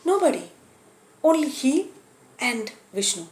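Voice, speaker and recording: A woman with a fairly high voice tells an old tale and draws the lesson from it. Her telling is animated but halting at times. The sound carries a roomy echo. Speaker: storyteller and teacher. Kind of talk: storytelling lesson.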